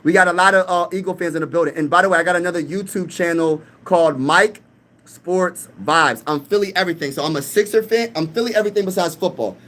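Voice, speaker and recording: On his casual live-stream sports talk, a young host from Pennsylvania gets hyped and trash-talks while reading out the chat. His voice sits high, with a quick pace and a fairly bright tone.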